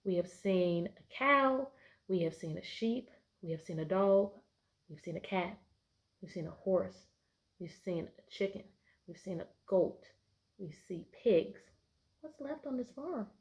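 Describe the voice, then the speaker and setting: A woman teacher reading a picture book aloud to children, often stopping to ask questions and giving the narration bright storybook emphasis. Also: mid-range voice, animated, a little slow, muffled recording.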